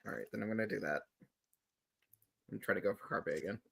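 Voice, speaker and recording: Quiet, bright-toned game player. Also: male voice, on the low side, quick pace, vocal fry, breathy edge, dry recording. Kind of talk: playing a tabletop game.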